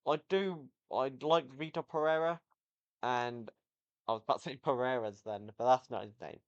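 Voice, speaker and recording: A man's voice: mid-range voice, animated, normal speed, dull audio. A man giving a casual, rambling football match review, often correcting himself as he goes. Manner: rambling, self-correcting, enthusiastic. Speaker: football vlogger.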